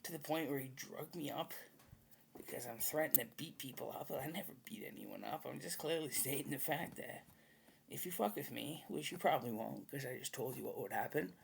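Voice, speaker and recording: A man's voice: medium pitch, expressive, a little fast, vocal fry, a little hiss or hum. A man talking in a rambling, casual monologue, blunt and profane with a swaggering edge.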